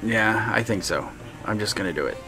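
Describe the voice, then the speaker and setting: A man's voice: on the low side, animated, a little fast, music in the background. A man streaming a video game, chatting casually, thinking aloud and laughing often. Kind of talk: casual live-stream chat while playing.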